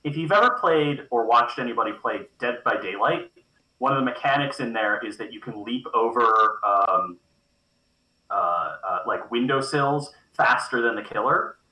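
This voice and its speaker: A man talks casually at a tabletop game, working through his plans with lots of pauses and restarts. His voice is very bright and sharp. The room around him adds a clear echo. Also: medium pitch. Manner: hesitant, full of restarts while planning moves.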